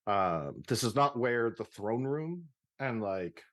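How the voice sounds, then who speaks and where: A man's voice: medium pitch, very animated, slow, a bit bright. A man narrating a tabletop role-play game as the game master, describing scenes with frequent fillers.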